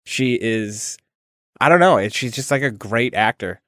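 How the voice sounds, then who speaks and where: A man co-hosting a podcast, talking casually and enthusiastically with halting phrasing. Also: mid-range voice, lively intonation, a bit bright, dry recording, clean studio sound. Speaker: podcast co-host.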